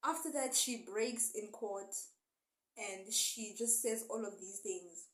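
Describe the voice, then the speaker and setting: A woman in a casual book review vlog, animatedly retelling a story's plot with sudden loud bursts. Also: medium pitch, takes it slowly, reverberant, low-quality recording.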